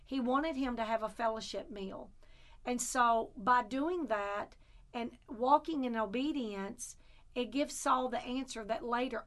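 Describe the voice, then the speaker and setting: A fervent woman preaching in a conversational way, weaving in scripture lines. Her voice sits slightly higher than usual. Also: unhurried. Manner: fervent, quotes scripture, answers with affirmations.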